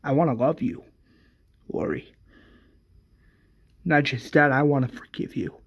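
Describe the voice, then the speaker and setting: A man voicing a grown man who speaks softly and half-whispers as he forgives his wife. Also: medium pitch, lively intonation, measured pace, vocal fry, slightly rough, full character voice. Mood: tender. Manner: soft, hushed, partly whispered.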